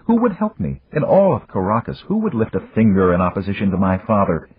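A man with a very husky voice voicing a proud, stubborn young woman in an audiobook. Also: lowish voice, huge pitch swings, a little fast, heavily acted. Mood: desperate. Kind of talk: audiobook character voice. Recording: dry, tinny phone-like audio.

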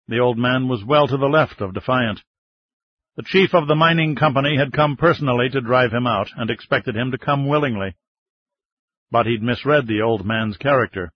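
A man reading a novel as scripted narration, in a steady, even storytelling manner, close to the mic. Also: medium pitch, normal speed, slightly rough, no echo. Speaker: audiobook narrator. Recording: dull, slightly muffled audiobook sound.

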